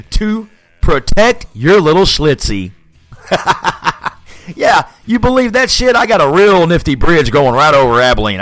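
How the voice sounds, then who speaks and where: A man's voice: a little high, a bit bright, no echo. A man hosting a podcast, delivering a profane, blunt ranting monologue and laughing often. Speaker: podcast host.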